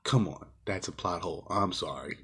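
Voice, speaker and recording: A man's voice: low voice, normal speed, sharp tone, a little hiss or hum. A man giving a casual, exasperated movie review, rambling with fillers and swearing often. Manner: rambling with many fillers and restarts.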